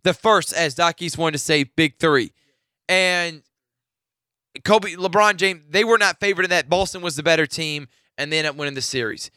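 A man's voice: a little high, moderate pace, bright, forceful tone, clean tone, no echo, studio quality. A man hosting a sports talk radio show, giving opinionated takes that build into emphatic rants.

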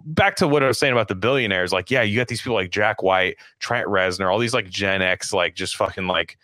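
A man's voice: on the low side, fairly quick, pushed and bright, no room sound, studio quality. A man co-hosting a podcast in casual political chat, rambling with many restarts, fillers and swearing. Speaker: podcast co-host.

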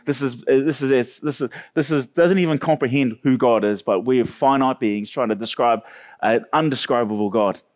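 A man hosting a church panel, telling a personal story in a lively way and acting out the other voices. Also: mid-range voice, moderate pace. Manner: animated, acts out quoted voices.

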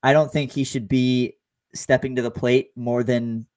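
A man co-hosting a casual sports talk show, speaking in a measured way with frequent stammered restarts. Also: medium pitch, level tone, a little mellow. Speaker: podcast co-host.

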